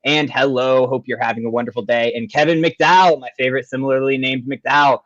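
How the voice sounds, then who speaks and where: A man's voice: mid-range voice, fairly even intonation, brisk, a bit bright, no echo, muffled recording. A man hosting a live online show, greeting viewers with upbeat, effusive chatter over a video call. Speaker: show host.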